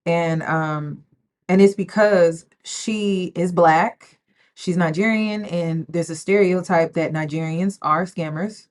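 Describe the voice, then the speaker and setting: A woman's voice: fairly low pitch, takes it slowly. Chatty woman host talking to viewers. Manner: chatty, talks straight to women viewers. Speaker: reaction channel host. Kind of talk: casual commentary on a story.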